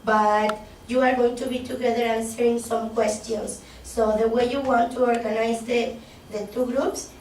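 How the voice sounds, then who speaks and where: A woman's voice: fairly high pitch, flat delivery, moderate pace, darkish tone, distant mic. A woman giving an interactive workshop presentation, quizzing the group and often checking in with "okay?" and "yes?". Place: classroom. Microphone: distant room mic. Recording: echoey classroom from afar, faint noise.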